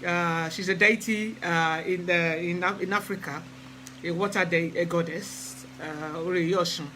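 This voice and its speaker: Man, high and sharply bright voice, relaxed hesitant live-stream host who chats with viewers. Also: measured pace, a little hiss or hum, poor audio. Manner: chatty, hesitant, greets viewers by name. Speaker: spiritual practitioner hosting a live stream. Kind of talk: casual live-stream talk. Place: lives in England.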